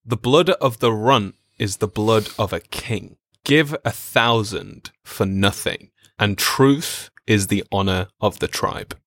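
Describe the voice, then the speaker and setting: A man's voice: lowish voice, slow, few pauses, no room sound. A man acting as dungeon master, chatting casually on a podcast as he explains game lore, loose and swearing now and then. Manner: relaxed, swears casually, trails off with "like".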